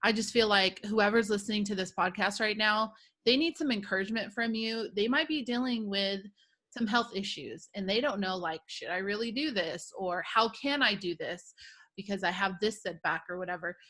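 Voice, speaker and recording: A woman's voice: mid-range voice, moderate pace. Effusive woman podcast host. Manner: warm, effusive, encouraging. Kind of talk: casual interview chat.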